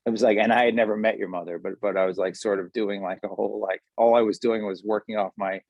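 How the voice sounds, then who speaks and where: A man's voice: on the low side, steady tone, quick pace, vocal fry, no echo, dull audio. Wry New Jersey man, dry sound. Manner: wry, joking, rambling. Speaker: actor, guest. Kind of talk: casual interview.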